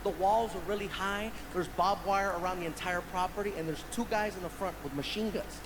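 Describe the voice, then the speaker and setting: A man's voice: high voice, fairly quick. A man in his thirties telling a story on stage as a stand-up comic, acting out the people in it with energy. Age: 30s. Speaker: stand-up comedian. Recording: noisy stand-up show recording.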